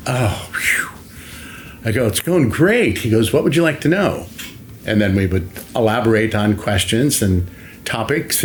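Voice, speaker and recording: An older man, a longtime school facilities director, telling stories in an interview at an unhurried pace with many fillers, acting out what people said. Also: lowish voice, slight background noise. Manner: anecdotal, unhurried, many fillers and acted-out quotes. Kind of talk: interview storytelling.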